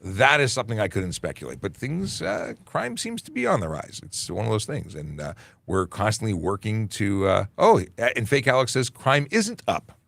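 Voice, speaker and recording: A man's voice: fairly low pitch, wildly swooping pitch, normal speed, creaky, a bit bright, dry recording. A man, a police constable, hosting a casual livestream Q&A, reading viewer comments aloud and joking with many fillers. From Canada. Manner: chatty, jokey, reads chat aloud with many fillers.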